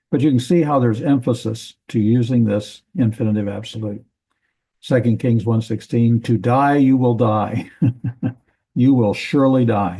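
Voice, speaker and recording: A man teaching a Bible language class in a relaxed, halting way, with many fillers and restarts. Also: medium pitch, breathy edge, rough recording. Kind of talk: classroom lecture.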